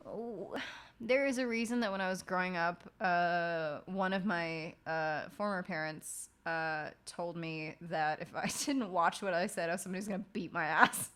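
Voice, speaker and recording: A woman's voice: fairly low pitch, lively intonation, normal speed, fairly bright tone. A young woman streamer chatting casually and frankly late at night, swearing often and rambling through stories.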